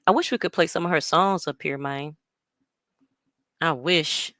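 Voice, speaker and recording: Unhurried chatty woman streamer. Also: deep voice, pushed and bright, dry recording, clean studio sound. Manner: chatty, greets viewers by name and teases with a laugh. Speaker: livestream host. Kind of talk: casual chat.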